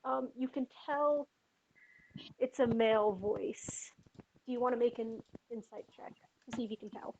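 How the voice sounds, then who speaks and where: A woman running a tabletop game as game master, with brisk, matter-of-fact narration and rules calls. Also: on the high side. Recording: muffled lo-fi mic with faint hiss.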